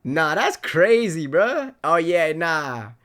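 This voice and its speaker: A man live-streaming, reading chat comments aloud and reacting in a loose, animated way with plenty of swearing. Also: on the high side, slow pace.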